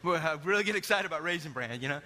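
A male pastor with a high-pitched voice races through an animated sermon, building to shouts before sinking low. His bright, forceful tone fills a church sanctuary with long, echoing reverb, and there's slight background noise.

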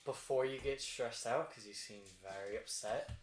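A man's voice: medium pitch, moderate pace, noisy background. A man playing his character at a tabletop game, in a polite and wry way. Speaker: player. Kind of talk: in-character role-play. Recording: roomy echo with crowd chatter.

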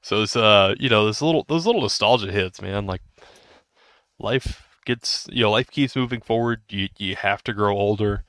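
A man in his thirties co-hosts a podcast, chatting casually and rambling with restarts and laughter. His voice is on the low side and fairly bright, at a moderate pace, in a clean studio recording with no echo.

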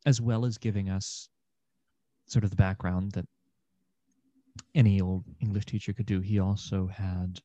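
A man's voice: deep voice, little pitch movement, normal speed, long pauses, mellow, no echo, muffled recording. A young man, an actor and podcast guest, talking through ideas in a thoughtful, meandering way with many fillers. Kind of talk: casual conversation.

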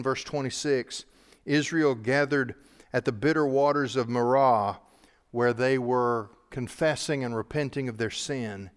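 A male pastor delivers a Bible-teaching sermon at a mid-range pitch, his voice trailing long reverb through a large hall. He talks earnestly, spells out names letter by letter, and moves between rising emphasis and hushed, slowed phrases. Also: clear, resonant tone.

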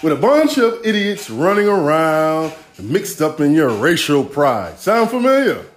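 A man's voice: a little high, sing-song, measured pace, reverberant, soft background music. A man in his forties hosting a podcast, rambling through a profane, streetwise solo monologue. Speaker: podcast host.

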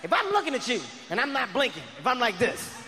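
A man in his thirties doing a loud, profane stand-up comedy routine on stage, shouting his punchlines. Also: extremely high pitch, wildly swooping pitch, quick pace, soft background music. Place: large comedy venue on stage. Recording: live hall reverb, faint crowd ambience.

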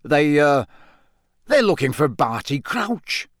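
Brief: man doing a middle-aged male wizard official, chummy and shifty, hesitant, up in pitch. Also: very animated, slow pace, no room sound, studio quality. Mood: flustered. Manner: hesitant, hushed and confiding.

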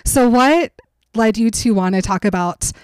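A woman's voice: fairly high pitch, unhurried, darkish tone, smooth, no echo. A woman hosting a casual podcast interview, asking questions in a loose way with many "like"s. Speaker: podcast host.

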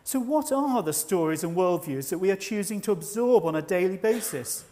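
Man, fairly high voice, preacher, measured reflective sermon delivery. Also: expressive, mellow. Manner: measured, reflective, slows for emphasis.

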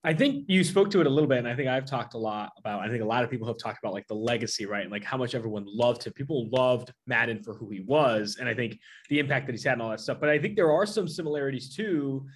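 A man's voice: medium pitch, quick pace, hardly any pauses. A man hosting a podcast who talks casually and fills his speech with "like". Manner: filler-heavy, says "like" often. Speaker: podcast host.

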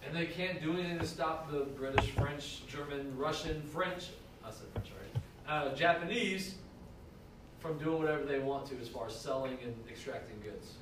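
Man teaching history, higher voice, recorded from far off in an echoey classroom with background noise. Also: moderate pace. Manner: conversational, checks in with students. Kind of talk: classroom lecture.

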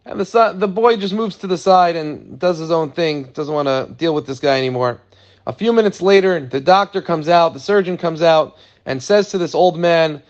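A man's voice: fairly high pitch, normal speed, muffled recording. A man giving an earnest sermon, telling a story to make his point. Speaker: preacher.

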